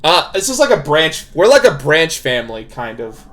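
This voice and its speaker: Jokey, loud-reacting male streamer. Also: on the high side, very animated, normal speed. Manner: jokey, swears freely, reacts loudly. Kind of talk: casual gaming commentary.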